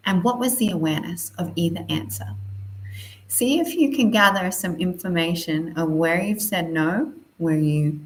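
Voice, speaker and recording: A woman leads a guided spiritual lesson in a soft, flowing voice. She speaks a little low, affirming each point with gentle emphasis. Her tone stays calm and encouraging throughout. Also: normal speed, a little hiss or hum, rough recording. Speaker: spiritual teacher.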